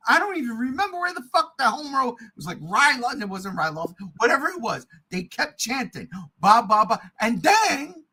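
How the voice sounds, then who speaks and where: A middle-aged man co-hosting a casual podcast, ranting in a heated, profane way and often shouting. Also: high voice, breathy edge, poor audio. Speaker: podcast co-host.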